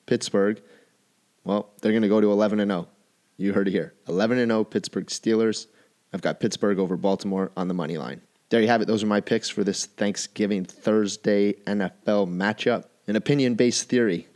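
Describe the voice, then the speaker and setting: A man's voice: lowish voice, fairly even intonation, fairly quick, darkish tone. A man hosting a solo football betting show, giving his picks in an emphatic way and repeating key phrases. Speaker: sports betting show host. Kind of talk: solo sports picks commentary.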